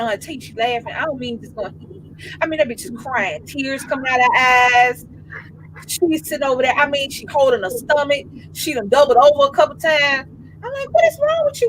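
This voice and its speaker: A woman in her fifties, co-hosting a casual chat and telling an animated comic story in slangy, laughing talk. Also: sits high, slight background noise, low-quality recording. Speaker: co-host.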